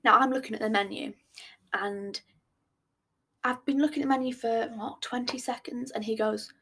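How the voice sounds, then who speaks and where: A young woman recounts a bad date on her podcast. She is blunt and animated, swears freely and acts out both sides of the conversation. Her voice sits a little high and carries a gravelly fry. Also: moderate pace. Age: young adult. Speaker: podcast host.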